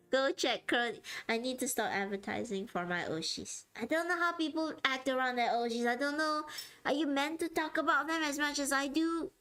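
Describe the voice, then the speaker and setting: This woman speaks at an ordinary speed in a high, sharp-toned voice. She's streaming live as she draws, giggly and talkative, breaking into laughter partway through sentences as she chats with viewers.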